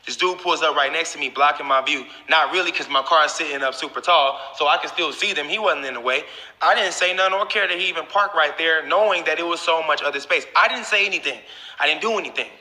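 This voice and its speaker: Bright-voiced profane man, echoey room. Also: fairly high pitch, fast talker. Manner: profane, talks straight to viewers. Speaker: YouTuber. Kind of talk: casual storytelling to camera.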